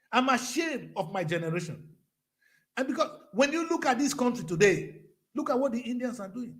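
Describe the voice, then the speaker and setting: A middle-aged Nigerian man with a Nigerian accent, giving a fiery motivational speech, scolding his listeners and swinging from low grumbles to shouts. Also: expressive, brisk. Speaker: event speaker.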